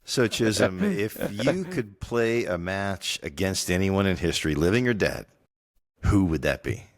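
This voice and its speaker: Deep-voiced male co-host. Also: lively intonation, a little slow. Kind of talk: casual interview.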